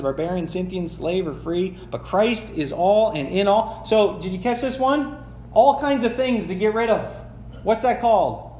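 A man's voice: high-pitched, a little hiss or hum. A man preaching a sermon as pastor, reading scripture and asking the congregation questions with rising emphasis. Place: church sanctuary. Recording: echoey church with faint ambience.

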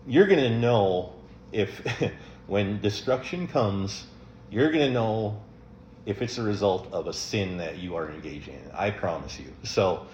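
Low-voiced male pastor preaching in a roomy hall. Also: darkish tone, slight background noise. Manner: conversational, with frequent ums and chuckles. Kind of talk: sermon.

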